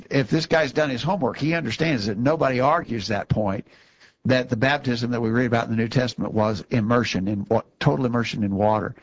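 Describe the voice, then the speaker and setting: A man's voice: medium pitch, lo-fi sound. A man co-hosting a Bible discussion show, explaining Scripture in an emphatic, conversational way and repeating himself when he insists.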